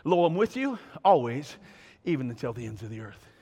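A man preaching a sermon in a church, animated and exhorting, with call-and-response asides to the congregation. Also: medium pitch, a little fast, breathy edge. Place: church sanctuary. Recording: long reverb of a large hall.

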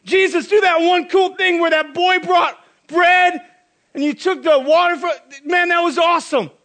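Pastor doing a hungry crowd member, pleading and excited, pitched up high. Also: male voice, normal speed. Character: eager hungry crowd member begging for miracles.

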